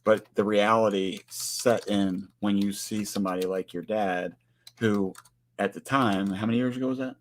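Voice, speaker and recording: A man in his forties with a fairly low voice, hosting a relaxed livestream chat. He speaks earnestly, greets viewers one by one and teases his co-host now and then. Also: moderate pace. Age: 40s.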